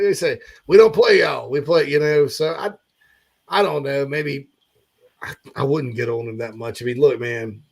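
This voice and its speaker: A man hosting a sports talk show, rambling casually with lots of fillers and restarts. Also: mid-range voice.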